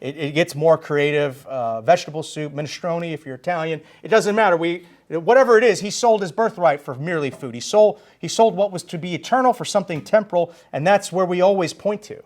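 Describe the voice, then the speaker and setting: A man preaching a sermon in a church, animated and emphatic, stressing his key phrases. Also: fairly high pitch, a little fast, hardly any pauses. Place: church sanctuary.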